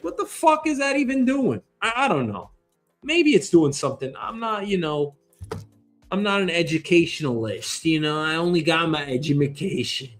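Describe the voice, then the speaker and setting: High, lively ranting male host. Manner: ranting, incredulous, swears a lot. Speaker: show host. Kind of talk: profane comedic commentary.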